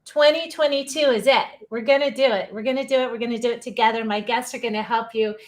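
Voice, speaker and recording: A woman's voice: fairly high pitch, steady tone, quick pace. A woman hosting a live-streamed interview show, chatty and upbeat, cheering her listeners on. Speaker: podcast host.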